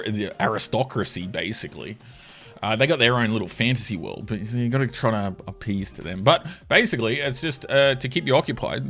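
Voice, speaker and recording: A man's voice: lowish voice, fairly bright tone. A man giving casual, profane commentary, sarcastic and mocking, laughing between jabs as he reacts to online posts.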